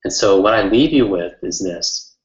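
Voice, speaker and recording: A man's voice: lowish voice, expressive, moderate pace. A man hosting a webinar as a memory coach, telling a heartfelt personal story in an earnest, rambling way full of fillers. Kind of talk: personal storytelling to an online audience. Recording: roomy, slightly dull sound.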